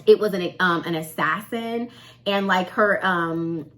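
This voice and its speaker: A woman co-hosting a casual chat about audiobooks, animated and full of slang, with many "um"s and "like"s. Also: lowish voice, unhurried, slight background noise. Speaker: podcast co-host.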